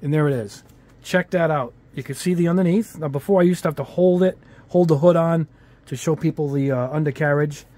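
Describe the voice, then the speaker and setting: A man's voice: a little high, a little fast, mellow. Chatty New England man, rambling review. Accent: New England with Italian-American touches. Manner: rambling, filler-heavy, chatty asides. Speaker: hobby model-kit YouTuber. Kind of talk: casual product review at the workbench.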